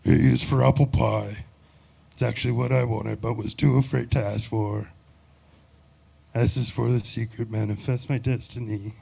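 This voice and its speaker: A gloomy blue puppet monster sings in a slow, mopey parody. The voice is deep and heavily gravelly, with a dark, rough, raspy grain. He sounds like a sad cartoon creature crooning to himself. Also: steady tone. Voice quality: gravelly growl. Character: gloomy furry blue cookie-loving male puppet monster.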